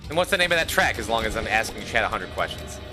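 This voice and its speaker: A sleep-deprived man talks loosely to his stream chat in a lowish voice, trailing off and repeating words as he rambles. Game music plays clearly behind him throughout. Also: sing-song, fast.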